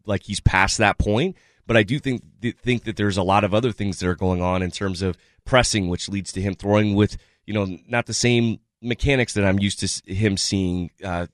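A man with a fairly low voice breaks down football on a sports talk radio show. He rambles, restarts his sentences and leans on "you know" and "I mean". The sound is dry and close to the mic. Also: no room sound.

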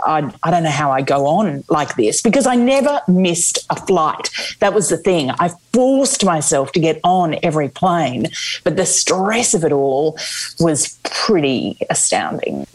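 A woman's voice: low-pitched, poor audio. Candid woman telling her story. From Australia. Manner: candid, expressive, slows for emphasis. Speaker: guest, memoir author. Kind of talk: interview storytelling.

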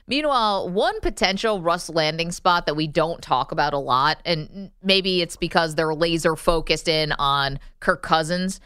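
A woman co-hosting a sports talk show, needling her partner with teasing, sharp comebacks. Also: fairly low pitch, unhurried, few pauses, clean tone, no room sound, studio quality. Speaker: sports radio co-host. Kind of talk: casual sports debate.

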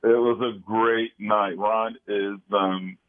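A man's voice: fairly low pitch, little pitch movement, slow pace. A man from Kansas City, a security consultant guest, talking in a laid-back, agreeable way. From Kansas City, United States. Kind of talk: casual interview. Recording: phone line.

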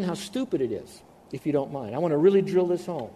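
A man preaching a sermon, animated, acting out the voices of doubters. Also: fairly high pitch, fairly quick. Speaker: pastor.

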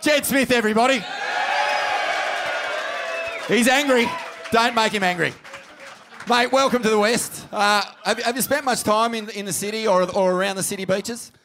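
A man's voice: high-pitched, moderate pace, pauses often, a crowd in the background, noisy background. A man with an Australian accent co-hosting a live comedy podcast, hyped and sweary, trailing into fillers when he reminisces. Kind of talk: crude comedic surfer banter.

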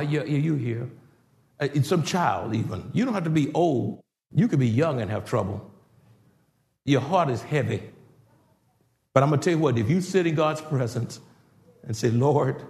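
An older man preaching a sermon in a church, swinging from shouted exhortation to hushed passages. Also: a little high, vocal fry. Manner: preaching with rising shouts and sudden quiet passages. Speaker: pastor. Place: church sanctuary. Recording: roomy church echo.

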